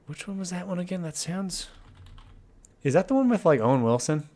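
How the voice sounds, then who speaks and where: A man co-hosting a podcast in casual chat, with a relaxed, wandering way of talking that trails off into quiet asides. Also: high-pitched, fairly quick. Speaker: podcast co-host.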